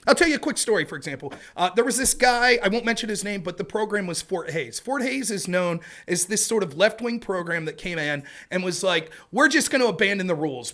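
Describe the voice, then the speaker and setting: A man talking as a guest in a casual interview, fast and energetic, full of asides. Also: high-pitched. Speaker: interview guest, debate show host.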